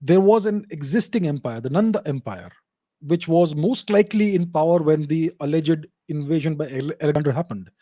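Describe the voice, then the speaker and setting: Assertive man, fairly high voice. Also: a little fast, mellow, dry recording, clean studio sound. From India. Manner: assertive, emphatic, repeats points for stress. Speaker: host answering viewer questions. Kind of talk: casual solo Q&A commentary.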